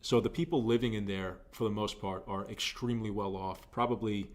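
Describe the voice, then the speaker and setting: Earnest young man giving opinions, low voice. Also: steady tone, fairly quick. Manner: earnest, conversational, repeats phrases for emphasis. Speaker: political show host. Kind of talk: opinion commentary.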